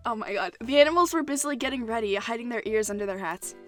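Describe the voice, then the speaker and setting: A woman's voice: on the high side, quick pace, hardly any pauses, soft background music. A young woman hosting a gaming channel who reads a visual novel aloud, giggling, swearing and joking between lines.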